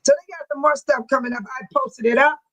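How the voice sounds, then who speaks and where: A woman's voice: high-pitched, steady tone, fast, fairly bright tone, muffled recording. An older woman hosting a casual livestream, chatting animatedly and laughing often as she reads out viewer comments. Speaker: livestream host.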